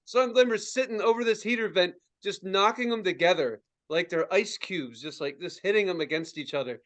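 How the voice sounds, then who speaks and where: A young adult man, a podcast co-host, telling a story in casual chat, swearing freely and acting out quotes in high yelps. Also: a little fast. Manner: profane, animated, acts out quotes in high yelps.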